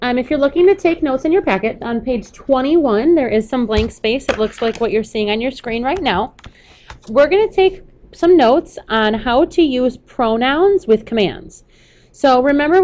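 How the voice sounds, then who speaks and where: A woman's voice: on the high side, a little mellow. A woman teaching a recorded Spanish lesson to students over slides, explaining patiently step by step with a few fillers along the way.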